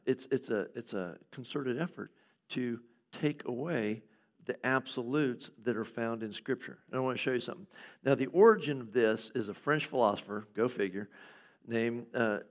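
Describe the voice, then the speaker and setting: A man preaching a sermon in a conversational way, with fillers and short laughs, sometimes acting out skeptical questions in a higher voice. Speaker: pastor.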